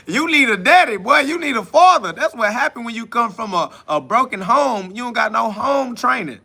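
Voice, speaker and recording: High raspy guy ranting on his livestream, mocks chat, preachy and rambly, kinda sharp sound. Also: lively intonation, normal speed. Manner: mocking, preachy, profane and rambling. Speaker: livestream host. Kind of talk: casual livestream rant answering chat.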